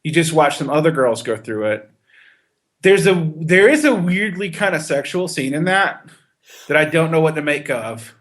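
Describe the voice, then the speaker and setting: This man co-hosts a podcast, speaking at a moderate pace in a fairly high, fairly bright, expressive voice with roomy sound. His casual talk about a film is full of restarts, with some laughter mixed in.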